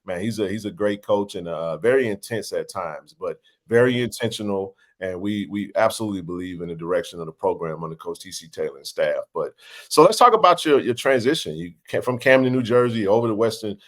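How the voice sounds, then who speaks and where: Chatty guy hosting a sports podcast, kinda low voice, rambles through his questions. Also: lively intonation, fairly quick, a bit bright. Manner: talkative, long winding questions. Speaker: podcast host. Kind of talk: casual interview.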